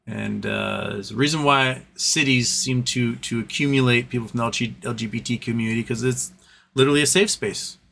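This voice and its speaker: A man's voice: medium pitch, moderate pace, vocal fry, a bit bright, slight background noise. Rambling man hosting a livestream. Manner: rambling and earnest, many restarts, swears casually. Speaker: livestream host reading chat. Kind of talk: casual livestream chat.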